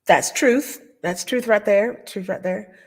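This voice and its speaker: A woman's voice: medium pitch, takes it slowly, darkish tone. A woman hosting an interview, chiming in with short, affirming remarks. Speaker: host. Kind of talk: casual interview.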